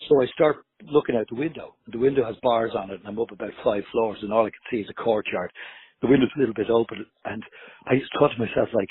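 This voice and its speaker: A man tells a story in a husky, rough voice, swearing freely and acting out every exchange. The sound is tinny and narrow, like a phone call. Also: mid-range voice, fast. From Ireland. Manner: animated, profane, acts out dialogue. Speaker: guest musician. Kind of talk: casual storytelling.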